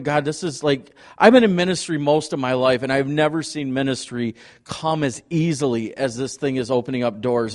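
A middle-aged man speaking as a visiting ministry leader at a church, telling stories in an excited, rambling way. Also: mid-range voice. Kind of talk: testimony talk to a congregation.

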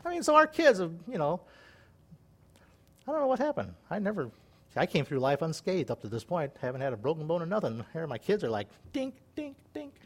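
A middle-aged male preacher talks through an informal sermon with homespun stories. His voice sits high and moves all over the place. He laughs easily and slips into little acted-out voices. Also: a little fast. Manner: folksy, animated, laughs often, acts out voices.

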